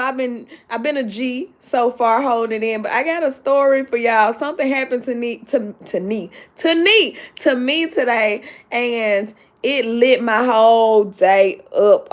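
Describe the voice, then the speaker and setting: Chatty excitable woman on a livestream. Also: on the high side. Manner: chatty and excitable, greets viewers by name, repeats herself. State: sleepy. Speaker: livestream host. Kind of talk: casual livestream chat with viewers.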